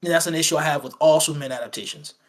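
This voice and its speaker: A man's voice: on the high side, rapid-fire. A man co-hosting a casual film review chat, rambling and acting out quoted lines with many fillers and restarts. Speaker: podcast co-host.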